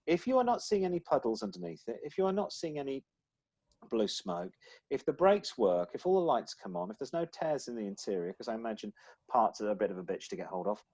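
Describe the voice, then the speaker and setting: A man chatting on a podcast. His pitch swings up and down as he talks. He rambles and restarts his sentences as he thinks out loud. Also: sing-song, fairly quick, dull audio. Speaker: podcast co-host. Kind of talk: casual chat.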